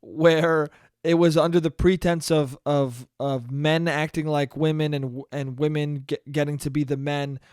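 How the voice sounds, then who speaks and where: A man's voice: a little high, clean tone, no room sound, clean studio sound. A young man hosting a solo podcast, ranting casually with exasperation and plenty of profanity. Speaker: podcast host.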